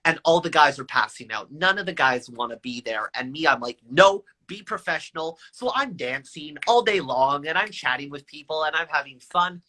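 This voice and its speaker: A young man, an actor guest in an interview, telling an animated story and acting out the lines of the people in it. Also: moderate pace, few pauses, low-quality recording. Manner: energetic, acts out quoted lines in higher voices.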